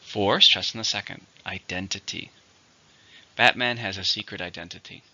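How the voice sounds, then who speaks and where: A man with a rather low voice and a very bright, sharp tone teaches English vocabulary. He counts syllables, marks the stress and says each word with care. The recording sounds slightly dull and lo-fi. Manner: slow, deliberate word drills with example sentences. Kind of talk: vocabulary lesson.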